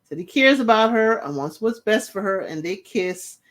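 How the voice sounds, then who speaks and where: A woman's voice: medium pitch, expressive, normal speed, a bit bright. A woman hosting a casual recap show, retelling scenes and talking straight to the people in them. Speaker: reality TV recap host.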